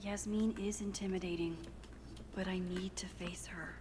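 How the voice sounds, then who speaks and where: An actress voicing an anxious young woman student in a video game, often murmuring her inner thoughts softly. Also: fairly low pitch, fairly even intonation, normal speed, a little hiss or hum, natural voice. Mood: thoughtful.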